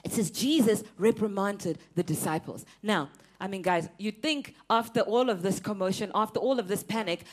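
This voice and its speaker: A young woman preaching a sermon, animated and emphatic, laughing often and repeating words for effect. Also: medium pitch, normal speed, few pauses.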